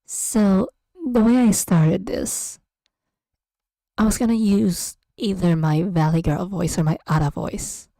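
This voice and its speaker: A woman's voice: medium pitch, slow, warm tone, dry recording. A woman chatting casually on a stream from her room, rambling and giggling and trailing off into filler. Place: home room. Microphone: USB desk microphone.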